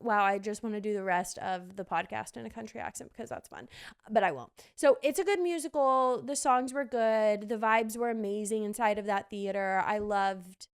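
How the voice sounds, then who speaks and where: Speaking at normal speed in a smooth, medium-pitched voice, a young podcast host gushes about theater shows. Her review chat is casual and full of fillers.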